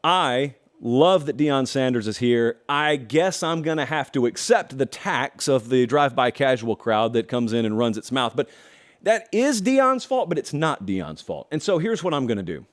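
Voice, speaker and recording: A man's voice: mid-range voice, expressive, normal speed, few pauses. A middle-aged man from the American South hosting a show, giving opinionated commentary in a folksy way, stretching words for emphasis and adding wry asides. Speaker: host.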